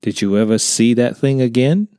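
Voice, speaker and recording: A man's voice: mid-range voice, normal speed, dark tone, smooth, no room sound, studio quality, natural voice. A man voicing a genial Southern neighbor, a retired counselor, with a folksy drawl in a storybook reading. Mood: curious.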